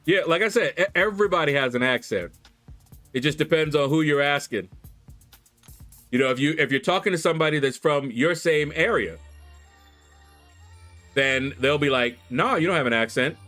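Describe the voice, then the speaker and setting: A man from Kentucky hosting a relaxed livestream chat, telling animated stories with laughs and playful voices into a desk microphone. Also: a little high, moderate pace, pauses often. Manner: animated storyteller, laughs, squeals in mock voices. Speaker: livestream host. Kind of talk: casual chat with viewers. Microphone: desk USB microphone. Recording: faint background music.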